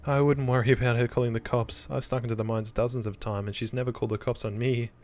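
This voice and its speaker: A man's voice: mid-range voice, flat delivery, quick pace, lightly acted. A man voicing a wry, laid-back young woman who hunts ghosts and jokes about the dead. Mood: teasing. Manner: teasing, joking.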